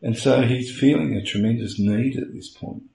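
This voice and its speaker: A man's voice: medium pitch, normal speed, creaky, mellow. A man preaching a sermon as a pastor, explaining earnestly with homely everyday illustrations, recorded in a church. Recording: echoey room with faint hiss.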